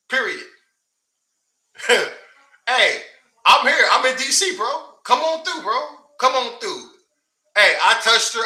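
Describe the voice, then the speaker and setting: A man's voice: high voice, sharp tone. A man ranting on a livestream, taunting his critics with heavy swearing and scoffing laughs. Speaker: online streamer. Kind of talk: heated livestream rant. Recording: echoey room.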